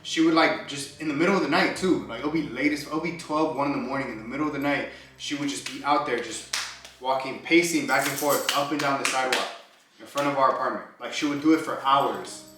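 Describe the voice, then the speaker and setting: A man's voice: mid-range voice, brisk, recorded from a distance, a little hiss or hum. A young man casually telling a story on a vlog, acting out what people said, with slangy speech. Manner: animated storyteller, acts out quotes, slangy. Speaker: vlogger. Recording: echoey room, voice off-mic, music behind.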